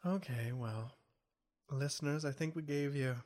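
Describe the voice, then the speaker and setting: A man's voice: mid-range voice, unhurried, a little mellow. Male podcast host, medium voice, chatty, signing off an episode. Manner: chatty, jokey, wraps up. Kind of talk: casual chat.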